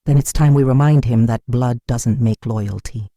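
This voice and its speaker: Narrator as a bitter male executive, cold and plotting, mellow low tone. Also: moderate pace, no echo, studio quality, natural voice. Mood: scheming. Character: scheming senior male executive, bitter and ruthless.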